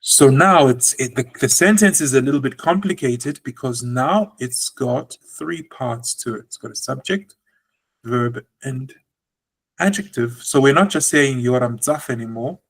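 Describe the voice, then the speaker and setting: A man's voice: mid-range voice, expressive, unhurried, rough recording. A man teaching a language lesson, explaining patiently and drawing out example words.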